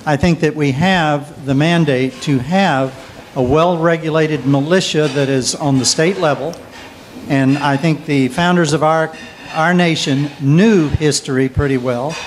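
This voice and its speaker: A man from the audience makes a measured, opinionated comment in a public debate. His voice is somewhat high. Faint noise sits in the background. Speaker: audience member.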